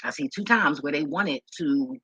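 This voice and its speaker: Woman vlogging, husky and sharp-toned, rambles and cusses a lot. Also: low-pitched, expressive, moderate pace, dry recording, poor audio. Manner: loose and profane, rambling with many restarts; talks straight to her viewers as y'all. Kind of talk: casual rambling monologue to viewers.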